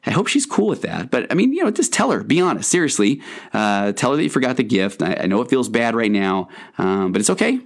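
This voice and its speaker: A man's voice: medium pitch, very animated, fast talker, vocal fry. A man voicing guilt as a nice, casual adult man who talks in a reassuring, upbeat way. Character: friendly easygoing adult man, personified guilt.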